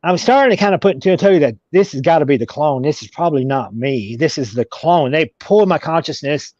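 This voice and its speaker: A man's voice: a little high, lively intonation, a little fast, a little mellow, dry recording. A man telling a long story as an interview guest, rambling with many restarts. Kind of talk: casual storytelling. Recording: dull lo-fi recording.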